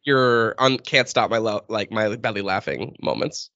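A man's voice: lowish voice, animated, moderate pace, gravelly, pushed and bright, no echo, highs cut off. A man in casual podcast chat as a guest, rambling with many restarts. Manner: rambling, restarts, laughs often.

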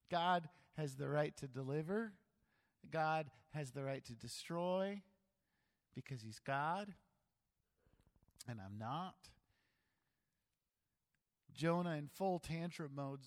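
A man's voice: on the high side, slow pace, long pauses, big-room sound. A man preaching a sermon in a casual, conversational way, with self-deprecating humor. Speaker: pastor.

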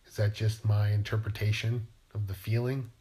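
A man's voice: fairly low pitch, little pitch movement, moderate pace, warm tone. A man, a writer, musing playfully in a rambling monologue and asking himself questions aloud.

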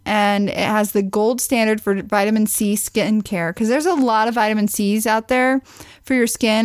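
A woman co-hosting a casual chat over a video call, chatty and quick, laughing often. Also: fairly high pitch, no echo, clean studio sound. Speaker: co-host.

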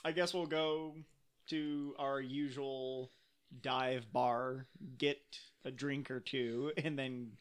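A man's voice: medium pitch, fairly even intonation, slow pace, smooth. A man playing in a tabletop game, chatting in an easygoing way and laughing often. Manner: giggly, easygoing. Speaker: player.

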